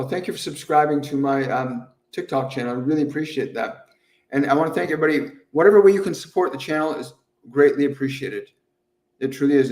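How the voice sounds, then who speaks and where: A man's voice: medium pitch, a little mellow, reverberant, distant mic. A man hosting a live question-and-answer stream as a medium, earnest and grateful, repeating himself and laughing often. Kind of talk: livestream talk.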